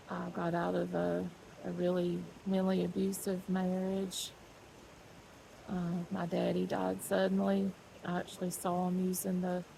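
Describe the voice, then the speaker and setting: A middle-aged woman giving an earnest, halting personal faith testimony. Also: medium pitch, vocal fry, dark tone, a little hiss or hum, low-quality recording. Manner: earnest, halting, pauses with fillers.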